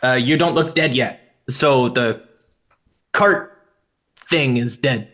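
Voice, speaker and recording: A man's voice: mid-range voice, slow, a bit bright. A man playing an odd little doctor who speaks in clipped, broken phrases. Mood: curious.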